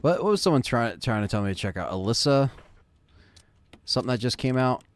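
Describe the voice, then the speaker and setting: A man's voice: mid-range voice, animated, fairly quick. A man rambling casually to his chat while playing a game, tired and yawning. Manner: rambling, laid-back, talks to chat. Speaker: gaming streamer. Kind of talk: casual gameplay commentary to chat.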